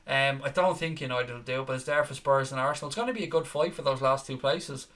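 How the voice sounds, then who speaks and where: A man's voice: mid-range voice, fast. A man hosting a post-match football live stream, reading fans' comments aloud and bantering back at them while ill with a stomach virus. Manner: excitable, chatty, reads fan comments aloud then answers them with banter. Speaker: football channel host reading live chat.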